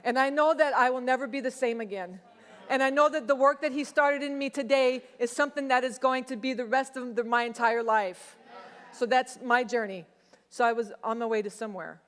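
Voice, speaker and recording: A middle-aged woman pastor preaching a sermon, telling a personal testimony in a conversational, animated way. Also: high-pitched, fairly quick. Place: church sanctuary. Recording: long church hall reverb.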